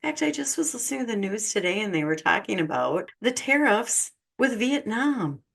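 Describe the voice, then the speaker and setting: A woman hosting a reaction commentary, exasperated and sarcastic, swinging between loud outbursts and quiet remarks. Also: mid-range voice, sing-song, normal speed, creaky. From United States. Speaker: channel host reacting to clips.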